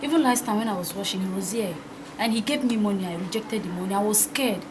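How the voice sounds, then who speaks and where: An actress with a Nigerian accent playing a timid young woman, nervous and soft as she refuses. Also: medium pitch, fast, natural voice. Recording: clear background hiss.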